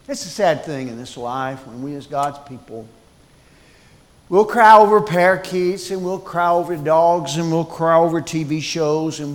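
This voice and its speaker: A man preaching a sermon, emphatic and dramatic, swinging between loud and hushed. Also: a little high.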